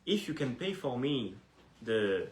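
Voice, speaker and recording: A man voicing a humble, hopeful hotel servant in a story, speaking haltingly. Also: medium pitch, sing-song, reverberant, rough recording.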